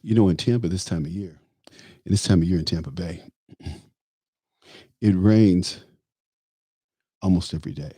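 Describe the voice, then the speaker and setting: A man's voice: sits low, measured pace, long pauses, warm tone, husky, dry recording. A man hosting a talk show, delivering an emphatic, opinionated political monologue that rambles with fillers. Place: Tampa area.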